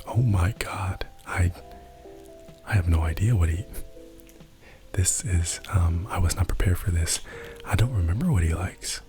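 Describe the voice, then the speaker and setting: Whispered role-play host: a soft-spoken, rambling man with a deep, dark voice over faint music. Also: a little slow. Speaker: ASMR creator.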